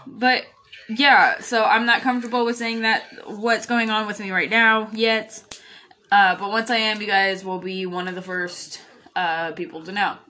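A woman's voice: mid-range voice, pushed and bright, a little hiss or hum. A woman hosting a casual solo podcast from her bedroom at home, rambling and chatty, swearing freely and laughing often. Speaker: podcast host. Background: puppies crying.

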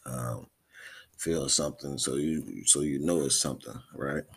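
A man's voice: extremely low pitch, a little slow, creaky, slightly rough. A man hosting a podcast in a casual, rambling way, often repeating his words. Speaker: podcast host.

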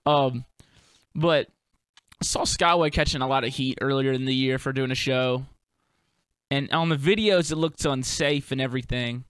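A man's voice: medium pitch, moderate pace, fairly bright tone, clear, resonant tone, no echo, clean studio sound. A young man hosting a solo podcast, musing in a loose, profane, laid-back way full of slang and fillers. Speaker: podcast host and touring performer. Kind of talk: rambling solo podcast monologue.

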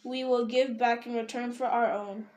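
Woman doing firm steady leader guy, measured. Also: a little high, slight background noise, close to an everyday voice. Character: steady resolute male human leader.

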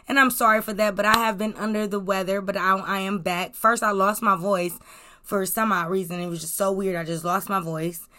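A woman's voice: mid-range voice, fairly even intonation, fairly quick, bright, forceful tone. A young woman talks her way through a celebrity gossip podcast, loose and chatty, dropping plenty of fillers between thoughts. Her voice sits in an ordinary middle range for a woman. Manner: chatty, rambling, many fillers. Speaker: podcast host.

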